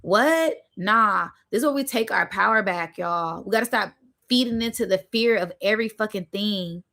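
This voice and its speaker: Her voice is medium in pitch with a sharp edge, moving at normal speed, as the young woman behind a spiritual channel gives an impassioned, preachy livestream talk. She swears freely, leans on "right?" and "y'all," and sounds close to tears.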